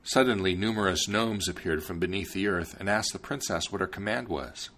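A man narrating a fairy tale in an expressive storybook style. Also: sits low, fairly quick.

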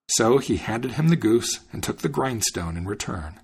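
Male podcast host narrating folk tales; gravelly, husky voice with plenty of pitch movement. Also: big pitch swings, normal speed, few pauses. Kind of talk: storybook narration.

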